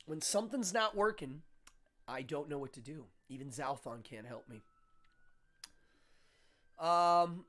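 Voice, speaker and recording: A man's voice: fairly high pitch, animated, measured pace, long pauses, a bit bright. A man hosting a live-stream show, talking casually and rambling with frequent fillers and restarts.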